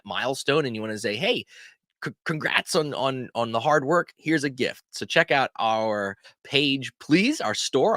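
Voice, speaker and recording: A man from country, hosting a language channel and urging viewers on in an upbeat, earnest way, with sudden upward jumps in pitch for emphasis. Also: sharp tone, dry recording, studio quality. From Pennsylvania Dutch country. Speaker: language teacher and channel host. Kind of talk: encouraging direct-to-camera promo talk. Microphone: dedicated microphone.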